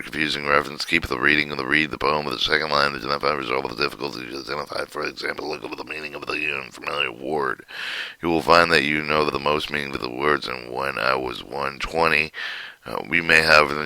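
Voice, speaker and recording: A man with an extremely deep, flat voice reads a textbook lesson aloud. His tone is bright and crisp, and the sound is dry and close. He reads haltingly, often stumbling and restarting words. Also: dry recording, low-quality recording. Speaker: teacher reading a textbook chapter.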